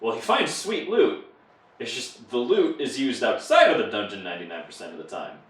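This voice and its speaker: A man's voice: medium pitch, very animated, fairly quick. A man co-hosting a podcast in casual chat, joking, swearing freely and often laughing. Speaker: podcast co-host. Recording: echoey room, far from the mic.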